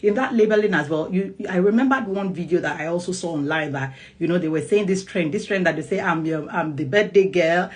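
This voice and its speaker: A woman and child psychologist talking casually to camera about parenting, animated and laughing often as she acts out little scenes. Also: lowish voice, quick pace, hardly any pauses. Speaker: parenting vlogger.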